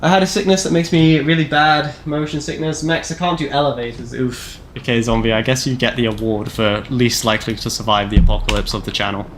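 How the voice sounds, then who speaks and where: A man in his twenties talks through a live game stream in a loose, rambling way. He jokes at his own expense and fills his sentences with casual fillers. His voice sits at an ordinary middle pitch, with faint noise in the background. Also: fairly even intonation, fairly quick, few pauses, fairly bright tone. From Canada. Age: 20s. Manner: rambling, self-deprecating, jokey, lots of "like" fillers.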